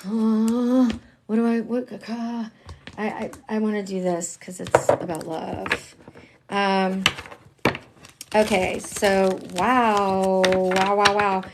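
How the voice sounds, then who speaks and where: A woman giving a live-streamed tarot reading, chatty and emphatic, dropping slang and swinging between hushed asides and excited outbursts. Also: mid-range voice, slow, heavy background noise. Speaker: tarot reader.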